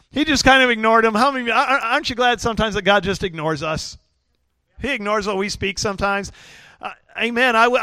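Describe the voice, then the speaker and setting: Middle-aged preacher guy, chatty and jokey, punchy voice, slightly high. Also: pushed and bright, no room sound, clean studio sound. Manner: folksy, joking, lots of fillers. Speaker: pastor. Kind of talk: sermon.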